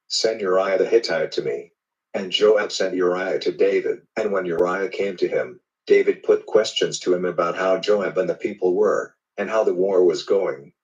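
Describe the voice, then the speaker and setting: Deep-voiced man reading scripture. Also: far from the mic, highs cut off. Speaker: Bible reader.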